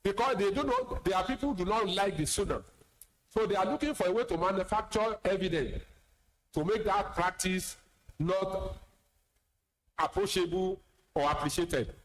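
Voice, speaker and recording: Higher-voiced Nigerian imam preaching. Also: male voice, moderate pace, pauses often, rough recording. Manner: plain-spoken, teasing asides, repeats words. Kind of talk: sermon lecture.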